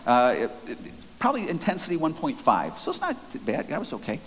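A man's voice: fairly high pitch, huge pitch swings, fairly quick, fairly bright tone. A man preaching in an earnest, conversational storytelling way, with frequent restarts. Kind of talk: sermon storytelling. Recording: faint hiss, long hall reverb.

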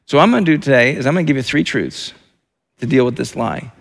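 A man's voice: mid-range voice, lively intonation, fast talker, gravelly. A man preaching a sermon as pastor, in a repetitive, emphatic way with many restarts.

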